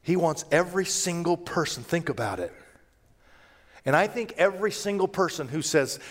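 A man preaching a sermon, moving between loud, emphatic passages and hushed, quiet ones. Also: medium pitch, animated, normal speed. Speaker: pastor.

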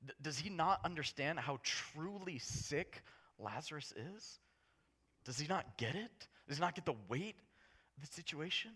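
Man preacher, casual jokey sermon, bright lively delivery, drops to hushed then gets loud. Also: fairly high pitch, moderate pace, breathy edge.

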